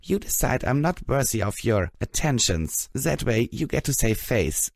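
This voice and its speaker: A man's voice: mid-range voice, sing-song, measured pace, vocal fry, dry recording, clean studio sound, pitched above the performer's own voice, full character voice. A man voicing a small, plucky young female unicorn pony in an audiobook, speaking in a strained, pleading voice. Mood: strained threat. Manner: strained, pleading, half-whispered.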